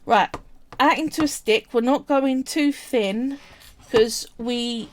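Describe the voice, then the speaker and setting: Woman, slightly high voice, chatty live craft teacher walking through steps. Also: slow. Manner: chatty, step-by-step instructing. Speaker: craft livestream host. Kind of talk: live craft tutorial with chat.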